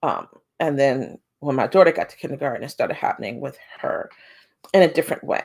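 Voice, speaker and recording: A woman in her forties, a homeschooling mom, telling a personal story to camera in a casual, animated way and acting out what people said. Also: fairly quick, creaky. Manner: animated, acts out quotes with big pitch jumps.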